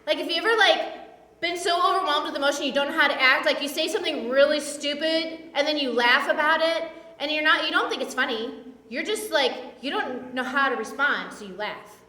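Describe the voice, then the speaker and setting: A woman's voice: high-pitched, fairly quick, bright, forceful tone, roomy sound, in a large hall, far from the mic. A woman preaching a casual sermon in a chatty, filler-heavy way, acting out the voices she quotes. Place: church.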